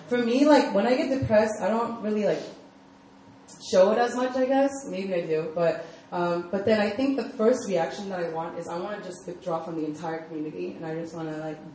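A woman's voice: fairly low pitch, mellow, a little hiss or hum. A young adult woman giving a casual sermon to a youth group, telling stories in a chatty way full of fillers. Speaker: speaker at a church youth group. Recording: echoey room, mic far off, faint ambience.

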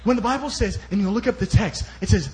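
A man preaching a sermon at a church service as a guest speaker, telling stories and swinging between loud bursts and soft asides. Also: high-pitched, quick pace, noisy background.

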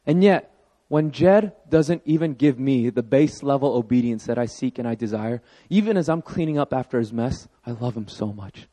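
A man in his thirties preaching a sermon as pastor, telling a personal story with animated emphasis. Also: mid-range voice, moderate pace, few pauses.

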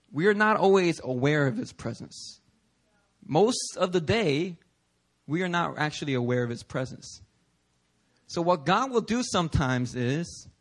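A male pastor delivering a conversational sermon in a church, animated and prodding the congregation with "okay?" and "right?". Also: a little high. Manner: acts out listeners' voices in quotes. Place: church sanctuary.

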